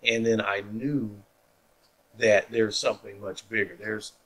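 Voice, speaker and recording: Bright-voiced man telling a personal story. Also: fairly low pitch, unhurried, low-quality recording. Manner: animated storyteller acting out quoted dialogue. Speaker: testimony speaker. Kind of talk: personal faith testimony storytelling.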